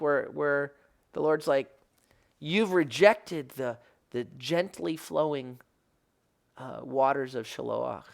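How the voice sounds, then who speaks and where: A man's voice: fairly high pitch, gravelly. A man as a rabbi giving an earnest devotional Bible teaching, rising to emphatic questions and often correcting himself mid-phrase.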